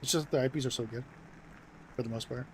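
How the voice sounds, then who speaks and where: Rambling young American streamer. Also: male voice, mid-range voice, steady tone, fast, slight background noise, low-quality recording. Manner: rambling, filler-heavy, self-interrupting. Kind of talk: casual stream chat.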